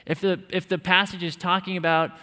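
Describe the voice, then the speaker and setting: A man's voice: high-pitched, level tone, brisk, bright, forceful tone, long reverb tail. A man preaching a sermon to men, emphatic and conversational, with touches of light humor. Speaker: pastor.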